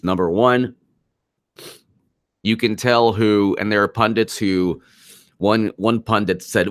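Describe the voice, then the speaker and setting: A man with a low, deep voice runs a political live stream, speaking emphatically and often repeating his points. He stops to answer viewer comments. The sound is dry and close, with no room echo. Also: steady tone, takes it slowly, long pauses. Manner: emphatic, repeats himself, reads super chats aloud.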